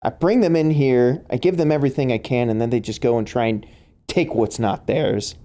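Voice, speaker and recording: Man playing a kindly older orphanage woman, weary and soft, mellow tone. Played in a tabletop game. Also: medium pitch, fairly quick, natural voice.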